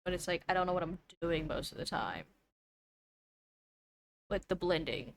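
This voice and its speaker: A woman's voice: fairly low pitch, sing-song, moderate pace, vocal fry, slight background noise. A young woman streamer chatting casually while she draws, thinking aloud and doubting herself as she goes. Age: young adult.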